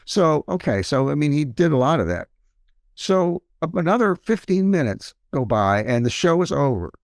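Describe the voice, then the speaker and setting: Gravelly-voiced man telling a story. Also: fairly high pitch, normal speed, no room sound, clean studio sound. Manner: relaxed, anecdotal, leans on "you know". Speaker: guest. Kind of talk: conversational storytelling.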